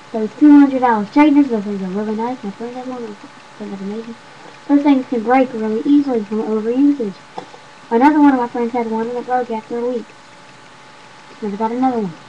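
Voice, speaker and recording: A woman's voice: fairly high pitch, fairly quick. A young woman chatting casually to her webcam at home, rambling and talking to viewers as y'all. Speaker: vlogger. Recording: dull lo-fi webcam audio with faint noise.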